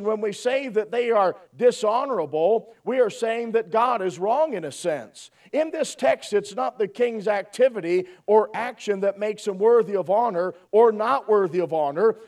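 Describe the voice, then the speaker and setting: A man's voice: sits high, a little mellow, distant mic. A man preaching a sermon from the pulpit, emphatic, repeating key phrases and asking "amen?" often. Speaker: pastor. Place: church.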